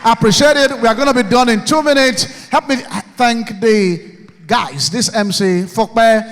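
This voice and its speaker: A man's voice: very high voice, normal speed, a bit bright. A man giving a rousing, preacherly motivational speech to a university audience. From Nigeria. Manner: preacherly, leads call-and-response affirmations. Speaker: motivational speaker. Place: large university auditorium. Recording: echoey hall with long reverb.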